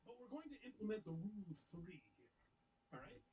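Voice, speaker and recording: A man's voice: high-pitched, big pitch swings, brisk, mellow, a little hiss or hum, low-quality recording. A man talking casually on a show, bluntly laying down rules for his co-hosts. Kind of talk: casual podcast chat.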